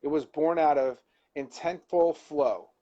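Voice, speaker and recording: A man's voice: fairly high pitch, a little slow, dark tone, muffled recording. A man co-hosting a live-stream talk, reflecting on a personal insight and searching for words as he goes. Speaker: co-host.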